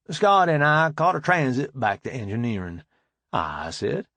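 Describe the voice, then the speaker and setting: Gravelly male audiobook narrator. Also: mid-range voice, very animated, unhurried, sharp tone, dry recording. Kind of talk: first-person audiobook narration.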